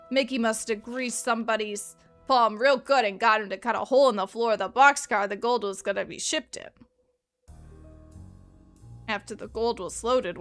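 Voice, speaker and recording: A down-on-his-luck treasure hunter from the 1930s, reading his own journal in a tough-guy gangster drawl, as a woman puts him on. The voice sits fairly high for a man. Faint game music hums underneath. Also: a bit bright, natural voice. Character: struggling 1930s male treasure hunter, gruff. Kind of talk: reading a journal aloud in character.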